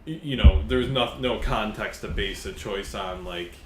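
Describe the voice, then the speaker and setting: Deep-voiced man in casual gamer chat. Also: moderate pace. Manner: relaxed, rambling gamer talk with frequent swearing. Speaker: podcast co-host. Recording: roomy echo with faint ambient noise.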